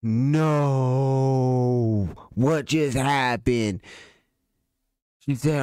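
A music reaction host who talks in excited exclamations. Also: medium pitch, drawn-out words, long pauses, clear, resonant tone, dry recording, studio quality.

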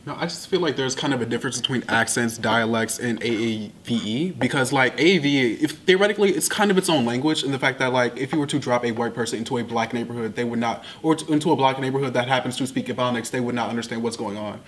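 A young man student panelist in a casual discussion, talking in a quick, animated way. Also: medium pitch. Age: young adult.

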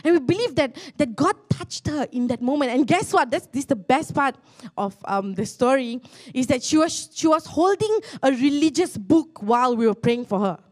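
A young woman pastor tells a testimony in a sermon, earnestly, with many restarts and rising excitement. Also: sits high, normal speed.

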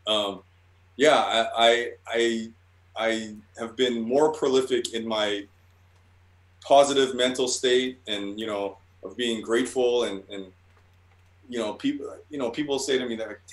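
A man rambles through an interview in a casual, profane way, starting sentences again and again before landing them. His voice sits at an ordinary middle pitch. The room around him is roomy and echoing. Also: unhurried. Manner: rambling, profane, with many restarts. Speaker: guest artist. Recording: roomy echo.

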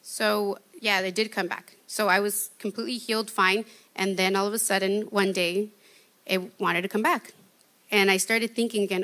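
Bright-voiced woman giving shy testimony. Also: medium pitch, steady tone. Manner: earnest, halting conversational retelling. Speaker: testimony guest. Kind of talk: personal testimony.

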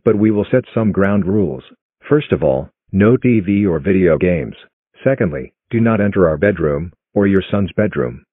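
A man's voice: low voice, animated, moderate pace, husky, no echo. A man voicing a strict father who lays down house rules in a stern, businesslike way, on tinny dry audio.

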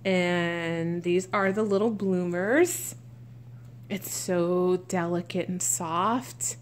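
A woman's voice: fairly low pitch, very slow, a little hiss or hum. A woman vlogger chatting through an unboxing, gushing and exclaiming with frequent gasps. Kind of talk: unboxing vlog chat.

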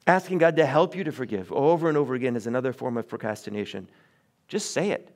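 A man preaching a sermon in a church, earnest with wry asides and swings of pitch. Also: lively intonation, fast talker, a little mellow. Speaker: pastor. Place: church sanctuary.

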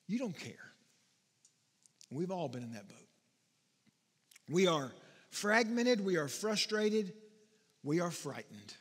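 Middle-aged man pastor, high voice, talky sermon, long hall echo. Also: fairly bright tone. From Texas. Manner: conversational, asks congregation questions, stretches key words slowly. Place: church sanctuary. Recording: long church reverb.

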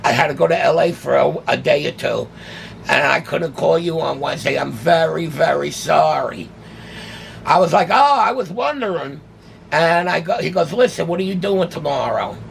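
Gravelly New man telling stories. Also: a little high, normal speed, a little hiss or hum. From New York City. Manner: animated, acts out quoted dialogue. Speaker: guest, autograph collector. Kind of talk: casual storytelling.

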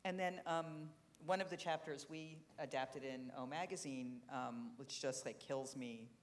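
A woman's voice: rumbling low, a little slow. Woman interviewer asking questions. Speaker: interviewer, books editor. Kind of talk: stage interview. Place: live event stage.

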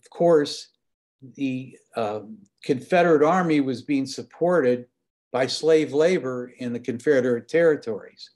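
A man, an author, giving a talk and reading from his novel in a conversational, halting way. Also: medium pitch, a little mellow. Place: event hall.

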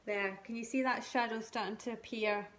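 A woman teaching colouring and shading on a live stream, talking gently step by step and thanking viewers by name. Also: on the high side, fairly even intonation, fairly quick. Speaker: craft tutor.

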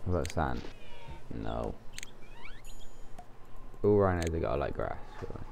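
A man's voice: very deep voice, very animated, a little slow, vocal fry, noisy background. A man giving casual commentary while he plays a game, thinking aloud as he goes. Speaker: let's play gamer.

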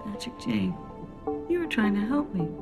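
A woman's voice: medium pitch, big pitch swings, normal speed, natural voice. An actress playing a tough, exasperated female police team leader in a TV drama, blunt and dry. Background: film score music.

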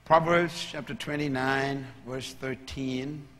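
A man preaching a sermon as a pastor, moving from calm teaching to loud, shouted preaching. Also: medium pitch, slow. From Bahamas. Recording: long hall reverb.

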